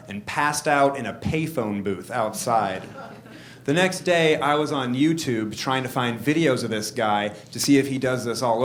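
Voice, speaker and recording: High-voiced man doing stand-up. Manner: animated, jumps to shouted punchlines. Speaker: stand-up comedian. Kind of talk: stand-up comedy set. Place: comedy club stage. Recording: echoey, noisy live club recording.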